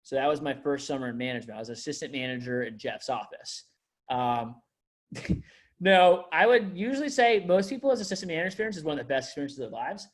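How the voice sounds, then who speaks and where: A man's voice: fairly high pitch, lively intonation, fast talker. Rambling man full of fillers. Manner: rambling, filler-heavy storytelling with frequent restarts. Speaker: district manager. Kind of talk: onboarding talk to staff.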